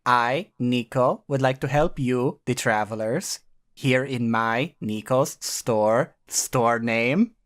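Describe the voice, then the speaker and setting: Someone doing a stiff, slow fantasy shopkeeper. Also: medium pitch, lightly acted. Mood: formal. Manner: slow, halting and overly formal.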